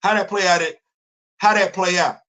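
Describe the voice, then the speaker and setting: Animated high-voiced male stream host. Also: moderate pace. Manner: animated, rhetorical questioning, repeats himself. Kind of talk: live stream commentary.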